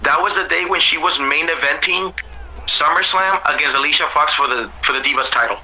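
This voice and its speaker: A man with a hoarse voice in loose, laughing casual chat as co-host, swearing freely. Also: a little high, fairly quick, bright, forceful tone, rough recording.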